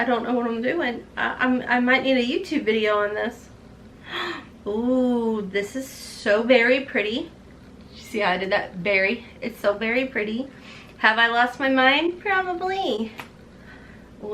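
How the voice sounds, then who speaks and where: A chatty woman vlogger gushes her way through an unboxing. Her voice sits high and bright, and she sounds overtired. A faint hiss of noise runs under the recording. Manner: gushing, excitable, chatty. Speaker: beauty vlogger. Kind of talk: unboxing vlog.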